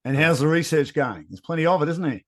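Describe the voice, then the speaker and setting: Woman hosting an interview, brisk and affirming. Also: low-pitched, animated. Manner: short affirming interjections, polished wrap-ups. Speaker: interview host. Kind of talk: podcast interview.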